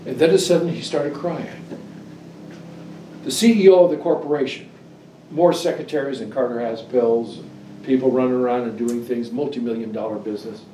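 A man preaching a sermon, telling stories and reading scripture with animated, emphatic delivery. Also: a little fast, a little hiss or hum. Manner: animated storyteller, rising to high emphatic pitch on scripture. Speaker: pastor. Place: church. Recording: echoey room, distant mic, faint ambience.

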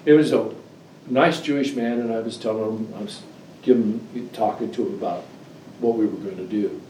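A man preaching a sermon, telling stories and reading scripture with animated, emphatic delivery. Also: moderate pace, a little hiss or hum. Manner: animated storyteller, rising to high emphatic pitch on scripture. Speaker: pastor. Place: church. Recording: echoey room, distant mic, faint ambience.

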